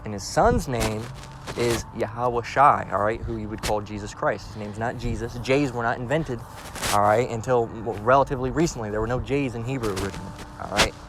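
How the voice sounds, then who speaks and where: A man's voice: medium pitch, noisy background. Blunt slangy man preaching outdoors. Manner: reads verses slowly, then explains in blunt slang with constant "all right?". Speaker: street preacher. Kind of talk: informal scripture lesson.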